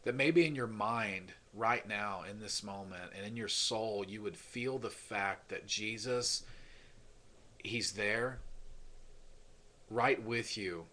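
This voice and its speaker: A man's voice: fairly low pitch, lively intonation, measured pace, bright, forceful tone. A man, a pastor, retelling a story in an earnest, dramatic sermon and acting out the voices.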